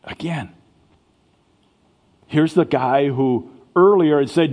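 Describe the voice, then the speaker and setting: A man's voice: on the high side, takes it slowly, pauses often, a little mellow. A man giving a sermon as pastor, talking conversationally and stumbling over restarts. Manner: conversational preaching with stammered restarts. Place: church sanctuary. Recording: long reverb of a church hall.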